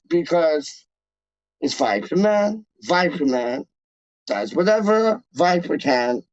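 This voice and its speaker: A man's voice: fairly high pitch, creaky, dark tone, dry recording. A man hosting a casual live stream, rambling in slangy talk full of filler words as he reads out chat messages. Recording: dull lo-fi dry recording.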